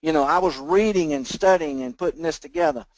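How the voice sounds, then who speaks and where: A man's voice: a little high, brisk, dry recording, low-quality recording. A man leading a sales team call, giving a folksy motivational talk. He repeats phrases over and over in a preachy rhythm. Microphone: phone or conference call line.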